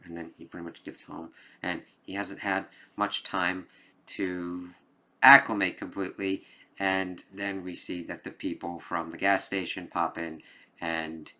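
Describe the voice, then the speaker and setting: A low-pitched, bright, forceful male voice keeps a fairly even intonation and a measured pace. He's a film reviewer giving a loose, rambling spoken take on a movie, heavy on "like" and "kind of," with the odd emphatic curse word.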